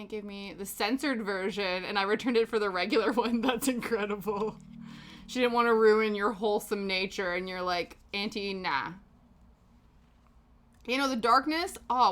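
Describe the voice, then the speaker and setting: Casting: woman host on a live stream, bright, crisp tone, loose rambling chat with viewers. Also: mid-range voice. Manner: chatty and rambling, answering chat with frequent laughs. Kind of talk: casual chat while knitting on stream.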